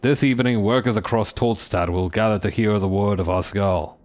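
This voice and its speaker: A man's voice: fairly low pitch, normal speed, darkish tone, lightly acted. A man voicing a grumbling, defiant male dwarf agitator with a Cockney accent, reading game dialogue aloud. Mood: gruff. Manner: gruff, defiant, scornful.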